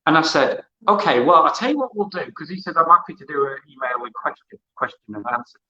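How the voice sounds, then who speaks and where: A man's voice: fairly high pitch, lively intonation, fast, bright, forceful tone, dull audio. A man who interviews musicians and used to present hospital radio, telling rambling anecdotes in a casual interview and acting out the dialogue he quotes.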